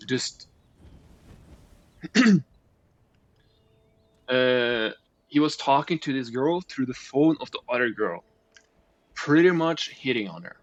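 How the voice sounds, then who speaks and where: A man's voice: medium pitch, a bit bright. Rambling, swearing man. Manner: rambling, swearing, indignant asides, many restarts. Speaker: storyteller. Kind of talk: casual storytime rant. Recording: dull recording with faint music.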